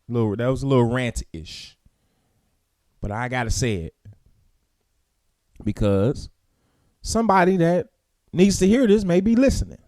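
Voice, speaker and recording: A man hosting a morning talk show, giving preacherly, emphatic commentary that climbs to loud peaks and drops low. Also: dry recording, clean studio sound. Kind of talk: impassioned commentary and news reading.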